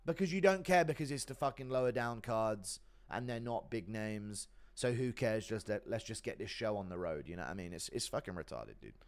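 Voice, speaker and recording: A man's voice: fairly low pitch, lively intonation, normal speed, hardly any pauses. A young man live streaming, casually reading out donations and rambling with a lot of swearing and sarcasm. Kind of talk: casual chat.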